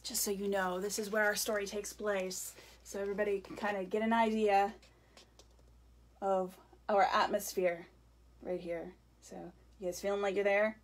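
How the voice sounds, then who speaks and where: A woman, a teacher type, reading a picture book aloud to children in a gentle, chatty way. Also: mid-range voice, level tone, normal speed.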